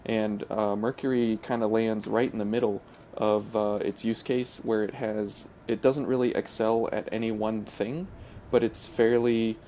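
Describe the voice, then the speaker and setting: Man, gaming channel host, casual gameplay commentary, hesitant with fillers, warm dark tone, faint hiss behind. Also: on the low side, little pitch movement, measured pace, hardly any pauses. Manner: hesitant, full of uh fillers and restarts.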